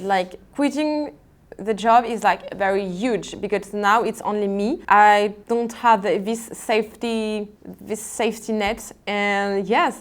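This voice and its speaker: A woman in her twenties from France, speaking English with a French accent as her second language, chatting casually and excitedly in an unboxing vlog, often laughing and repeating herself. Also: on the high side. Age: 20s. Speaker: vlogger.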